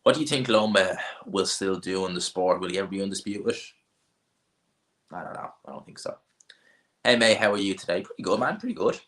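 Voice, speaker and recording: A man with a North Dublin accent chats casually on a livestream and answers viewers' questions. His voice sits low but has a bright, forceful edge. He gives blunt, offhand opinions and often restarts his sentences. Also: sing-song, brisk. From Ireland. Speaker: livestream host.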